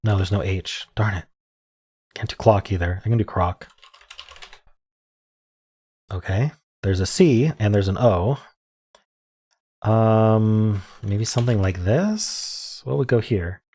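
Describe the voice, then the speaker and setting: A man thinking aloud as he solves daily word puzzles, hesitant and muttering, with frequent ums and quiet self-amused asides. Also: on the low side, slow, long pauses, slightly rough. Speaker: word game streamer.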